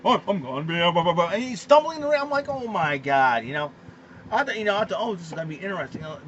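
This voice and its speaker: Exasperated, animated man ranting. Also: high-pitched. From Boston area. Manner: animated, exasperated, many fillers and restarts. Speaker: vlogger. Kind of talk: casual ranting monologue. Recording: slightly muffled lo-fi recording with faint background noise.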